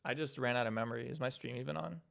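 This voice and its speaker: A man's voice: mid-range voice, very fast, gravelly, fairly bright tone. Rambling guy streaming from his desk. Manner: rambling, self-correcting, swears casually. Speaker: animator streaming his work. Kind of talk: casual live-stream chat. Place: home computer setup.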